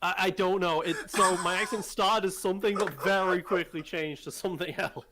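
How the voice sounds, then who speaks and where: Analytical male co-commentator, higher voice. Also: fairly even intonation, moderate pace, crowd noise. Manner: analytical, explains team strategy. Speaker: game co-commentator. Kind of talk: live tournament commentary.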